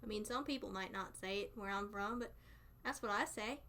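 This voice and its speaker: A young woman from North Carolina with a Southern accent chats casually with her stream viewers. Excitable and quick to laugh, she speaks at medium pitch and a little fast.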